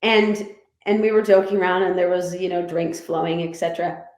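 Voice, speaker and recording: A woman from Canada, a podcast guest, telling stories in a lively, animated way and laughing often. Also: on the low side, brisk. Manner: animated storyteller, laughs often, voices others in her anecdotes. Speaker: guest, former motorcycle racer and writer. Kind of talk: casual podcast storytelling. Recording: roomy, echoey room.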